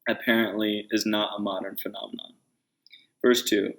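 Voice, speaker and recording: A man's voice: lowish voice, moderate pace, creaky. A man preaching a conversational sermon, explaining scripture and paraphrasing characters in his own words. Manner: conversational Bible teaching, paraphrasing in a lively voice. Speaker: pastor.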